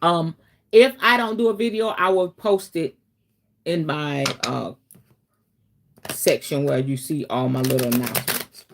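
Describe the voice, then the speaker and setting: A woman hosting a casual teaching stream, talking straight to her viewers in a chatty way and breaking into dramatic, animated asides. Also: sits low, measured pace, creaky, pauses often, a little hiss or hum. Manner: chatty, addresses viewers directly. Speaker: host, spiritual teacher.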